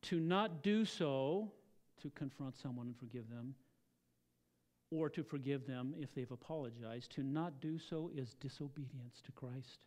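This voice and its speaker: A man's voice: medium pitch, unhurried, a little mellow. A man preaching a sermon as pastor, earnest and direct, often putting rhetorical questions to his congregation. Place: church.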